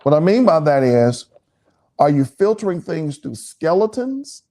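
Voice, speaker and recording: Animated, preachy man co-hosting. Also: fairly high pitch, unhurried. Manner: repetitive, preachy, emphatic. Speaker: pastor and co-host. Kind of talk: relaxed teaching chat.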